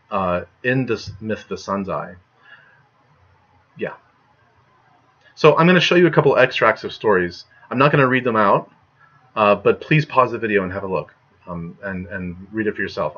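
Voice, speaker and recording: Young male lecturer, casual and chatty, husky voice, dull home recording. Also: on the low side, fairly bright tone. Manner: chatty, lots of "right?" and "like". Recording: muffled lo-fi recording.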